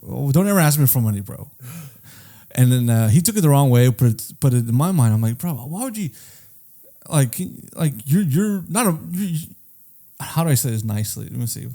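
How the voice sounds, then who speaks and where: A man on a casual podcast, telling a long rambling story and swearing freely. His pitch climbs and drops a lot as he slips into the voices of the people he quotes. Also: sing-song, moderate pace, dark tone. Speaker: podcast co-host. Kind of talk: casual chat.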